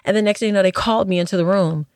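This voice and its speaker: A woman, a former hospice nurse, telling stories from her work in a casual interview, acting out what people said with lively jumps in her voice. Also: rapid-fire, no room sound, studio quality. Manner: animated, acts out quoted dialogue with big pitch jumps.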